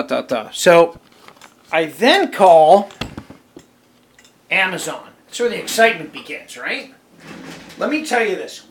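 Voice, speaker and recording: A man's voice: sits high, bright, forceful tone. Exasperated man in an echoey room. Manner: exasperated, indignant, emphatic. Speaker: online seller. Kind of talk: ranting vlog to camera. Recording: roomy echo, mic set back.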